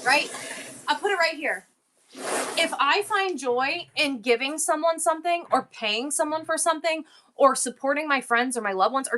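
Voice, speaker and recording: A woman's voice: high voice, background noise. A middle-aged woman hosting a livestream sale, talking in a worked-up, rambling and emotional way. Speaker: livestream seller. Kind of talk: casual livestream chat.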